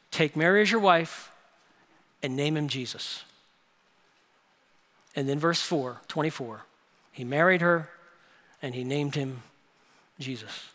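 A man's voice: on the high side, fairly bright tone. A man preaching a sermon as pastor, emphatic and building to raised intensity. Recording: long hall reverb.

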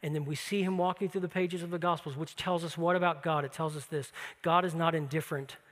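A man preaching a sermon, telling the story with animated, acted-out quotes. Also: fairly high pitch, fast talker, in a large hall. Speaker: pastor.

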